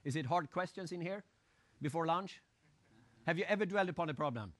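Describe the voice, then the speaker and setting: Animated male seminar speaker. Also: a little high, fairly quick. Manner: animated, acts out crowd shouts and questions the audience. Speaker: motivational speaker. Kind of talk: live seminar talk.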